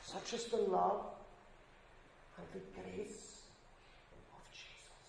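A man's voice: high voice, little pitch movement, takes it slowly, creaky, noisy background. A man preaching a sermon in an earnest, emphatic way, lifting his voice on scripture quotes. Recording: echoey room.

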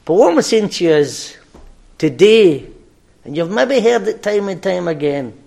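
A man's voice: sits high, big pitch swings, a little slow, creaky, a little mellow. An older man with a Glaswegian Scottish accent, praying and then telling a story in an earnest, folksy sermon. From Scotland. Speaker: pastor.

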